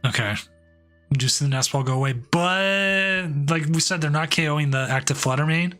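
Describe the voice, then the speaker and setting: Bright-voiced man casting a card game. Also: fairly high pitch, moderate pace, soft background music. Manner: relaxed, joking, with filler words and restarts. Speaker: tournament stream host and commentator. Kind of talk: casual live game commentary.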